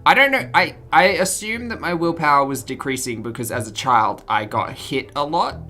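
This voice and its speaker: A woman's voice: deep voice, lively intonation, moderate pace, pushed and bright, soft background music. A woman streamer reading game text aloud with jokey asides, giggling and tripping over words.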